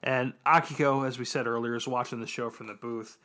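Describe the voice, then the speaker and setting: A man's voice: mid-range voice, steady tone, brisk, sharp tone. A man casually recapping an anime episode on a podcast, loose and joking, with plenty of ums and restarts. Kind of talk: casual chat.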